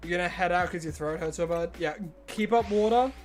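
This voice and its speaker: A man's voice: sits high, brisk, faint music behind. A man with an Australian accent streaming a game live and chatting casually with viewers in a joking way, his voice prone to cracking. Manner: jokey, greets and answers chat readers. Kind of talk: casual live-stream chat while gaming.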